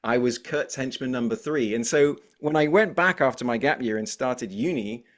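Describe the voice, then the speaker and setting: English guy in his forties, energetic talkative interview guest, animated storyteller. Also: mid-range voice, moderate pace. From England. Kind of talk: casual interview chat.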